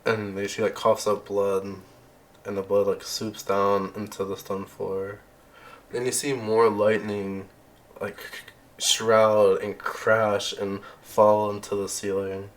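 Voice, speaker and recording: Man, game master, lowish voice, slow unhurried delivery, casual and halting. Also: little pitch movement. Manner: casual, halting, many restarts and laughs. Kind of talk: narrating a tabletop game.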